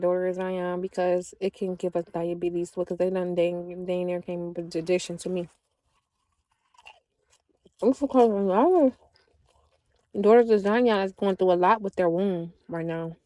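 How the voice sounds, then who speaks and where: A woman's voice: on the low side, steady tone, normal speed, pauses often, mellow, dry recording. A woman livestreaming in a casual chat, drawling and talking back to her viewers.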